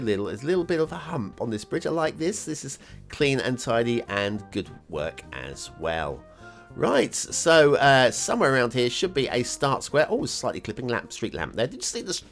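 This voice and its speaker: A man hosting a game map review show, talking casually in a rambling, chatty way with chuckling asides. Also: lowish voice. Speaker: host reviewing game maps. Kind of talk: casual commentary.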